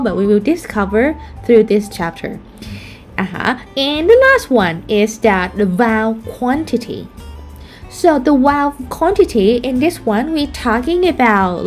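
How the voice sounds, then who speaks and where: A woman's voice: on the high side, a little mellow. A woman teaching a lesson in an explanatory way. She uses many fillers and keeps checking in with "right?". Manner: chatty, filler-heavy, with frequent "like" and "right?" checks.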